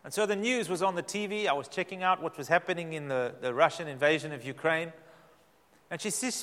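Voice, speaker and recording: A middle-aged man, a pastor, giving a sermon with dramatic, emphatic delivery and slow repeated phrases. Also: fairly high pitch, fairly bright tone. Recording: long hall reverb.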